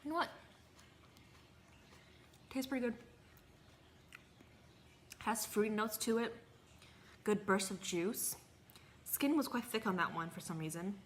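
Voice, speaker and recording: A woman's voice: mid-range voice, expressive, normal speed, slight background noise. A woman casually vlogging a tomato taste test, chatty and a bit hesitant, sometimes talking with her mouth full. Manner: chatty, hesitant, talks while eating. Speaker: gardening vlogger. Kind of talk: casual tasting vlog.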